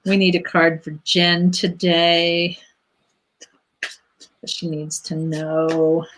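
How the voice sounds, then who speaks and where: A woman's voice: on the low side, completely flat delivery, very slow, a bit bright. A woman hosting a casual spiritual livestream, pulling cards for viewers and swearing freely. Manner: blunt, swears freely, laughs easily. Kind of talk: casual livestream chat, card reading.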